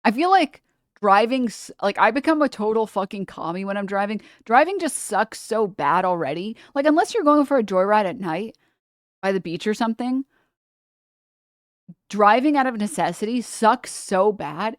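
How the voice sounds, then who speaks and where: A young adult woman hosting a livestream, chatting casually and ranting with swearing and quick asides. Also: medium pitch, animated, no echo, studio quality. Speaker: livestream host. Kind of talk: casual chat.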